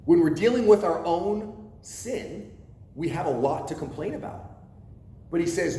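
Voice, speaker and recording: A man preaching a sermon as pastor, animated and asking his congregation questions as he goes. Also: high-pitched, unhurried, long pauses. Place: church sanctuary. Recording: echoey church hall, faint noise.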